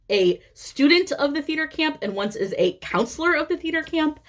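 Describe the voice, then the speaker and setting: Midwestern woman, 30s, relaxed slow vlog chatter with a higher-pitched voice. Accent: Midwestern American. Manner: chatty, candid, sprinkles in swearing and laughter. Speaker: cross-stitch vlogger. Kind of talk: casual chat.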